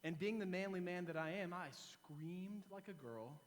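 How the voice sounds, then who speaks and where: A pastor giving a sermon, moving between firm exhortation and animated, self-mocking storytelling. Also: male voice, sits high, normal speed, long reverb tail. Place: church sanctuary.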